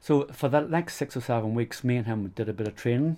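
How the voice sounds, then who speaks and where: This interview guest is a middle-aged Northern Irish man who talks fast in a warm, mid-range voice. His storytelling is casual and rambling, peppered with "you know".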